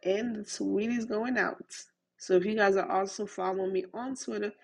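A woman's voice: mid-range voice, fairly even intonation, moderate pace, creaky. A woman hosting a podcast, talking casually and speaking straight to her listeners. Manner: chatty, addresses listeners directly. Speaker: podcast host.

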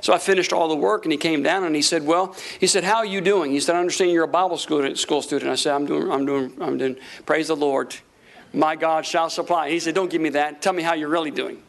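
A man preaching a sermon, telling a story with lively acted-out quotes and frequent laughter. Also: a little high, brisk, gravelly. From Florida. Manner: animated, acts out quotes, laughs often. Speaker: pastor.

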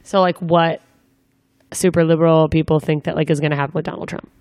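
A woman's voice: low-pitched, fairly even intonation, brisk, a little mellow, no room sound, clean studio sound. A young woman interviewing a guest in a casual, joking way, full of rambling asides.

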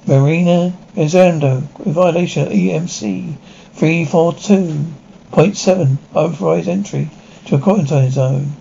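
Man, gravelly voice, dark tone, flat reading of dialogue and cues, lo-fi sound. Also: a little high, moderate pace, a little hiss or hum. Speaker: describer. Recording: dull lo-fi recording.

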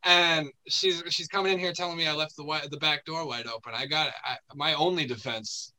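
A young man telling a story in casual chat, halting and full of fillers and restarts, laughing often. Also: a little high, steady tone, bright, forceful tone, poor audio. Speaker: podcast guest telling a story.

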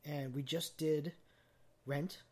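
A podcast host, a man with a husky, fairly high voice, talks slowly and with fairly even intonation. He chats casually about a film, piling on cast trivia and saying "um" a lot.

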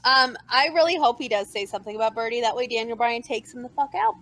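A woman's voice: fairly high pitch, animated, fast, fairly bright tone, rough recording. A woman co-hosting a casual wrestling podcast, chatty and talking straight to her viewers. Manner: chatty, addresses viewers as guys, many fillers. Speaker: podcast co-host.

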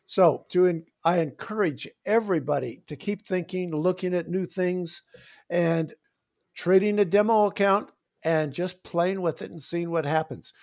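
Male coach guest, lively, acts out sessions, slightly high register. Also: unhurried. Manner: animated, demonstrative, acts out coaching dialogue. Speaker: trading psychology coach. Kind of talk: round-table podcast discussion.

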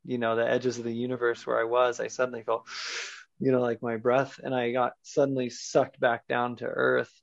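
A man's voice: medium pitch, monotone, moderate pace, gravelly, no room sound. A man as a podcast guest, earnestly recounting a personal experience in a searching way, loose with fillers. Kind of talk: personal storytelling in an interview. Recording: dull lo-fi sound.

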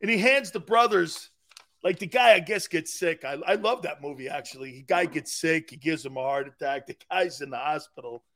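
A man hosts a sports radio show with an animated, rambling, jokey monologue, laughing often and breaking into silly voices. His voice is on the high side and a bit bright, and he talks a little fast.

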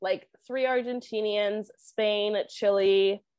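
A woman's voice: mid-range voice, slow pace. Lady from canada chatting on a podcast, acts out her own quotes, laughs a bunch. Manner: animated, laughs often, acts out quoted lines. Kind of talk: casual chat.

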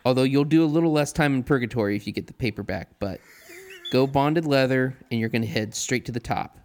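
A man's voice: medium pitch, brisk, a little mellow, slight background noise. A man co-hosting a podcast, cracking dry jokes and teasing his co-host in casual chat.

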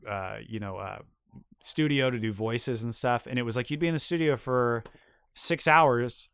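Man, middle-aged, comedian guest, animated storyteller, teasing banter, mid pitch. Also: normal speed, smooth, no room sound, studio quality. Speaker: podcast guest, comedian and children's TV writer. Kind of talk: casual chat.

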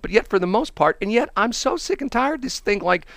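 A man's voice: high-pitched, a little fast, vocal fry, no echo, studio quality. A man hosting a casual talk show, rambling through opinionated stories with asides. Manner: rambling, animated storytelling with laughs and asides.

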